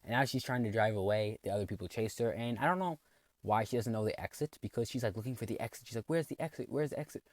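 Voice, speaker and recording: A man rambles through a comedic cartoon plot recap, dropping snarky asides as he goes. His voice sits on the low side and sounds dry and close. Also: fast, no room sound. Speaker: video narrator.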